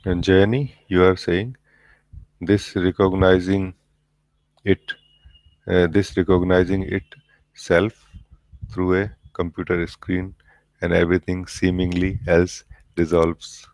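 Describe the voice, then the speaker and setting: Soft-spoken man giving a spiritual talk. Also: sits low, flat delivery, no room sound, rough recording. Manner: slow, gentle, halting, with many pauses and fillers. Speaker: spiritual teacher. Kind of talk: satsang talk.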